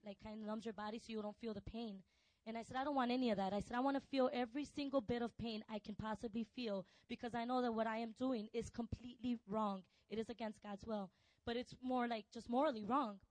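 A woman telling a personal testimony, soft and hesitant with many fillers, turning intense. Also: a little high, dry recording, low-quality recording. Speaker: testimony speaker.

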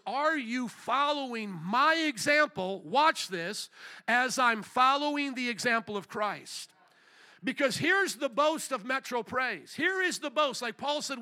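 A male pastor delivers a sermon with a high, ringing voice and a bright, forceful edge. He speaks bluntly and with emphasis, driving his points home by repeating phrases.

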